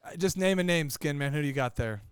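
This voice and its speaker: A man's voice: on the high side, animated, fast, clear, resonant tone, no room sound, clean studio sound. A man co-hosting a podcast in casual chat, matter-of-fact and keeping track of the details. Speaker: podcast co-host.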